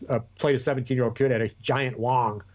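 A man holding forth in casual podcast chat, swearing freely and restarting his sentences as he rambles. His voice sits at an ordinary middle pitch, and the recording sounds a little dull and lo-fi. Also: fairly even intonation, quick pace, a little mellow. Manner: profane, rambling, with many restarts. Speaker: podcast co-host.

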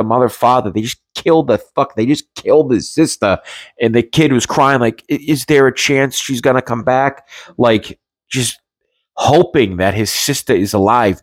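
A man's voice: mid-range voice, moderate pace, dry recording. A man from the United States ranting in agitated, profane commentary, often repeating himself as he talks into a podcast mic.

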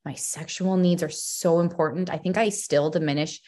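A young woman talking as a podcast guest, expressive and a bit scattered, often restarting her sentences. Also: lowish voice, moderate pace. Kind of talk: emotional personal conversation.

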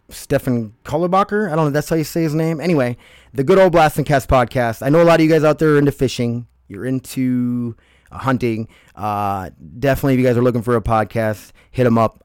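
A man's voice: mid-range voice, darkish tone, clear, resonant tone. A man hosting his own podcast in a loose, rambling way, full of fillers, swearing and self-deprecation, while dealing with nerve pain. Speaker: podcast host. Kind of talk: casual solo podcast talk.

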